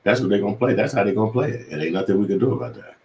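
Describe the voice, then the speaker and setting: A man's voice: on the low side, racing, gravelly, mellow, echoey room, a little hiss or hum. A man giving heated, profane commentary on the news, talking in an impassioned rant.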